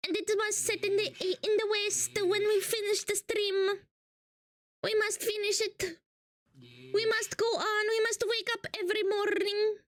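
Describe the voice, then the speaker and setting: A woman voicing a goofy, solemn mock preacher with a put-on Italian accent and a slow, drawn-out sermon cadence. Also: very high voice, little pitch movement, dry recording, voice pushed up.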